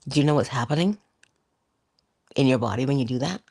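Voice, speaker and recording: Woman motivational speaker, husky and low, chatty delivery. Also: expressive, brisk, a little mellow. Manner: conversational, asks rhetorical questions. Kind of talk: inspirational talk.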